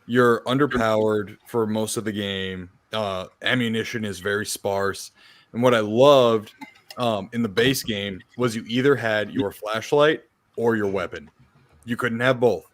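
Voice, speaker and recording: A man on a podcast, talking in a relaxed, casual way and getting excited as he recalls playing games. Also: fairly low pitch, a little slow. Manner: laid-back, swears, excited retelling. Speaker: podcast co-host. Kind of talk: casual chat.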